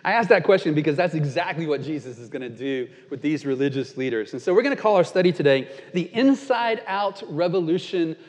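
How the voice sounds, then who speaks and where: A man's voice: fairly high pitch, lively intonation, brisk, few pauses, a little mellow. Earnest male preacher in a reverberant hall. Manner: storytelling, earnest and conversational. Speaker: pastor. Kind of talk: sermon.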